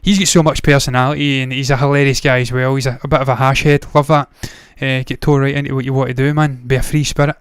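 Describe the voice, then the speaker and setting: A man's voice: medium pitch, level tone, fast, few pauses, clear, resonant tone, no echo, clean studio sound. A man hosting a movie news show, talking casually with blunt, profane opinions and frequent tangents. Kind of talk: casual solo commentary.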